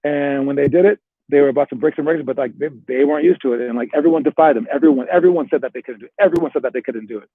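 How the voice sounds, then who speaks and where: A man's voice: a little high, very fast, slightly rough, dry recording. A man coaching basketball players, giving a rambling motivational talk full of "all right" and "like" before walking them through a drill. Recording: dry, tinny phone-like sound.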